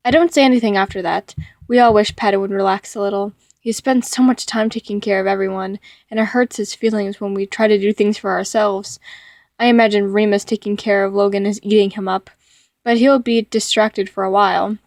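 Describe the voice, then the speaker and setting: A woman reading a fan-fiction story aloud as narrator, with a steady, even delivery. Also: medium pitch, normal speed, dry recording, clean studio sound.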